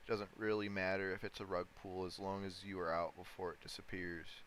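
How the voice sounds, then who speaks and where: Deep-voiced man musing on a live stream. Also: level tone, brisk, few pauses, fairly bright tone, slight background noise, rough recording. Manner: thinks aloud, talking to chat, chuckles often. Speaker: livestreamer day-trading crypto. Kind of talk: casual live-stream commentary.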